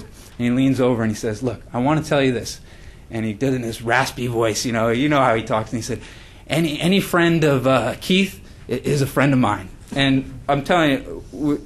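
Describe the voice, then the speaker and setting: A man, as the author, giving a book talk at a launch event, earnest, with frequent fillers and restarts. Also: mid-range voice. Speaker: author presenting his book.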